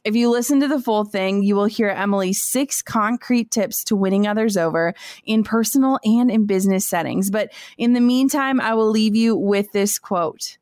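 A woman's voice: mid-range voice, darkish tone, dry recording, studio quality. A woman hosting a podcast, introducing episode clips in earnest, scripted narration. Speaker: podcast host.

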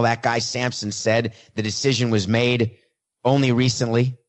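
A man's voice: medium pitch, lightly acted. A man voicing a famous male star quarterback who answers press questions with blunt honesty, in his own plain voice. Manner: plain own voice, no attempt at an impression. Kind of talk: mock press-conference monologue.

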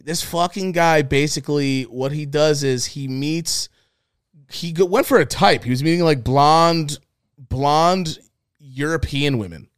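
A male podcast host in loose, profane conversation, joking and laughing as he goes. His voice sits a bit high. The sound is close and dry, with no room echo. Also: measured pace, smooth. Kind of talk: casual chat.

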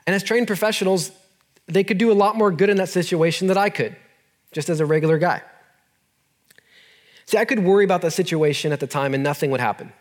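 A man's voice: high-pitched, fast, pauses often. A young man preaching a sermon in a casual, earnest way to a group in a room. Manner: casual, earnest, talks to listeners as "dude". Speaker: youth pastor.

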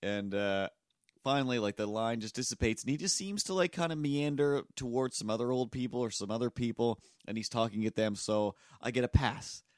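A man's voice: mid-range voice, fairly quick, no room sound, clean studio sound. A man co-hosting a podcast, rambling through a nervous, self-deprecating anecdote and acting out the other people in it. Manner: rambling, self-deprecating, acts out voices in stories. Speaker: podcast co-host. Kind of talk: casual chat, storytelling.

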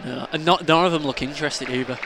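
A man's voice: on the high side, quick pace, fairly bright tone, some chatter behind. A man co-hosting a casual football podcast, joking and teasing his co-host. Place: outdoors at a football stadium. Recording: noisy outdoor stadium recording.

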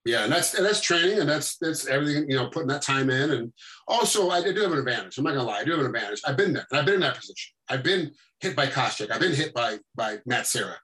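Quick-talking guy with a bright punchy voice, ref and ex-fighter, acts out fight stories in a chat. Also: mid-range voice. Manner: animated storytelling that acts out fight scenes. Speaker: guest, MMA referee and former fighter. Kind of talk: casual interview chat.

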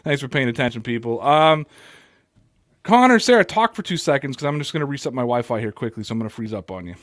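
A man's voice: mid-range voice, lively intonation, quick pace, a bit bright, no echo. A man with an American Italian accent hosting a casual sports podcast over a video call, joking and trailing off mid-sentence. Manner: loose, joking, trails off and restarts. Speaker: podcast host. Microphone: computer mic on a video call.

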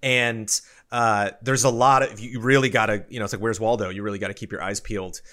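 A man co-hosting a podcast, chatting casually in a rambling, animated way with lots of fillers. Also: lowish voice, fast talker. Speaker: podcast co-host. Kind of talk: casual chat.

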